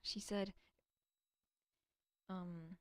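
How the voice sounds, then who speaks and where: In a dry recording, a woman with a lowish voice and fairly even intonation talks very slowly. She's alone on a casual stream, rambling and swearing often, tripping over her words, dropping to a whisper now and then, and making fun of herself.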